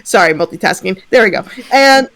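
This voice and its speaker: A woman from Texas tells an animated story in a casual livestream chat and laughs often. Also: medium pitch, fairly quick, vocal fry. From Southern Texas. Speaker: guest.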